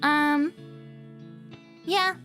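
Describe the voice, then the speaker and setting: A high-pitched woman streams a casual chat, bubbly and rambling in a playful way. Her talk drifts easily from one thing to the next, light and upbeat. Quiet background music sits faintly under her voice. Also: fairly even intonation, very slow.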